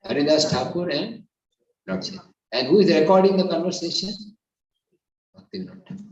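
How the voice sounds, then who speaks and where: Earnest preacher in an echoey hall. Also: male voice, fairly high pitch, very animated, brisk, far from the mic, highs cut off. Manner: earnest, emphatic, rising to loud peaks. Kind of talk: devotional lecture.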